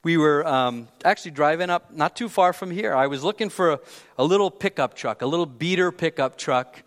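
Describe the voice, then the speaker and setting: A man's voice: fairly high pitch, a little fast, big-room sound. A man preaching a conversational sermon, telling a personal story in a candid, self-deprecating way.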